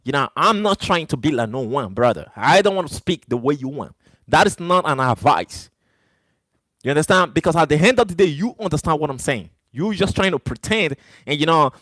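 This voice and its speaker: Non native english guy ranting back at his chat, defiant, keeps saying brother, super animated, dead dry mic. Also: a little high, no echo. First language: not English. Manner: defiant, repeats "brother" and "you know". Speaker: livestreamer. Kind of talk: live stream rant to chat.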